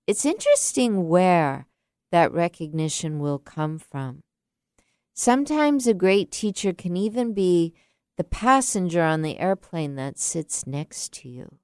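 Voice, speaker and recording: A woman in her late fifties tells a reflective personal story, speaking slowly and softly with a low, smooth voice. The recording is dry and close, with no room sound. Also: dry recording. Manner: slow, soft-spoken and unhurried. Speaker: teacher.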